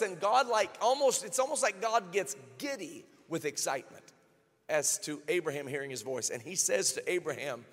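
High-voiced man preaching in a reverberant hall. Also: expressive, moderate pace. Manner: emphatic preaching, swelling to loud climaxes and dropping low. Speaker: pastor. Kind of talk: sermon.

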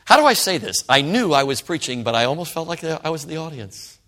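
A man in his sixties, a pastor telling a story in a sermon, swinging from loud outbursts to hushed whispers. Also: on the high side, sing-song, fast. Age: 60s.

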